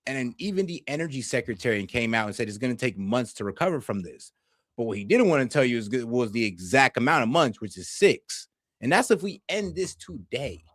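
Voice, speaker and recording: A man doing casual political reaction commentary, animated, slangy and profane, talking straight to his viewers. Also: mid-range voice, fairly quick, no room sound, clean studio sound.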